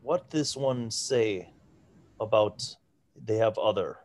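Casting: huge male cloud giant, voiced by a man, slow halting broken speech, jovial. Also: on the low side, a little mellow. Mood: curious.

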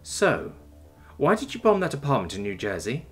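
A man voicing a calm, patient male interrogator who questions mildly and evenly. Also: mid-range voice, normal speed, faint music behind. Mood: calm probing. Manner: mild, even, coaxing questioning.

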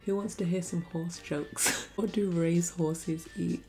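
A young woman with a lowish, steady voice talks slowly as a beauty vlogger doing her makeup in a casual makeup challenge chat. She giggles often and cracks corny jokes, with soft music playing behind her.

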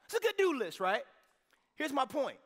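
A man preaching a sermon to his church in an energetic, conversational way, now and then rising to a shout. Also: very high voice, moderate pace, in a large hall. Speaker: pastor. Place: church sanctuary.

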